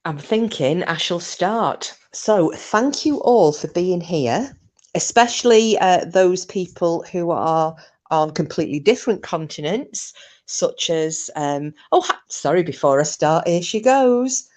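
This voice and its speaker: A woman's voice: on the low side, expressive, a little slow, darkish tone. A woman hosting a casual livestream, chatty and giggly, greeting viewers and reading their chat messages aloud with self-mocking humour. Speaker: livestream host.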